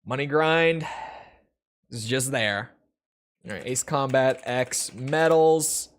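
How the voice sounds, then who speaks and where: A man's voice: mid-range voice, slow. A young man chatting casually to his live chat while playing a game, rambling with lots of "like" fillers and the odd swear word. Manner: relaxed, rambling, frequent "like" fillers, occasional swearing. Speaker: gaming streamer.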